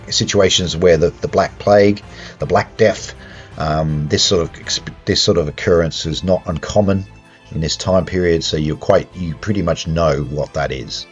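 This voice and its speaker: Man, game master, very deep voice, halting, lo-fi sound, faint music. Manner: halting, full of fillers and restarts. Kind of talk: narrating a tabletop horror game.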